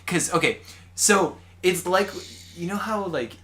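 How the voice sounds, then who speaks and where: Animated young man recapping an episode. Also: high voice, a little slow, a little hiss or hum. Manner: animated retelling with quoted voices and frequent laughter. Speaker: podcast co-host. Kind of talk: casual chat recapping an anime episode.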